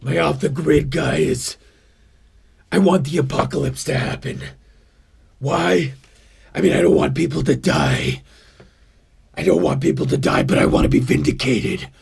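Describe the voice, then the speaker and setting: A man voicing a paranoid off-the-grid survivalist who loves his gun, speaking low and intense. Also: measured pace, gravelly, pauses often, breathy edge, full character voice. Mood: brooding.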